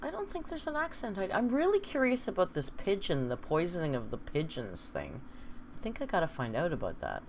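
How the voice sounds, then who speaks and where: A woman's voice: lowish voice, wildly swooping pitch, a little fast, a little hiss or hum. A woman hosting a casual livestream from home, chatty and wry, reading viewer comments aloud. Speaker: livestream host. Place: home, indoors.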